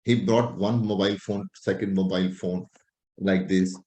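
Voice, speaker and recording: A male doctor giving a clinical lecture, animated and teasing as he acts out his examples. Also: deep voice, normal speed. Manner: lively, animated, playful teasing. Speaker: doctor teaching a class. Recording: roomy echo.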